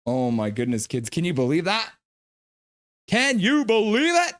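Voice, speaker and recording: A man with a high-pitched voice hosts a live hockey reaction stream, calling plays and reading viewer messages aloud in an excitable rush. The sound is dry and close, with no room around it. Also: a little slow, no room sound. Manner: excitable play-by-play, reads chat aloud.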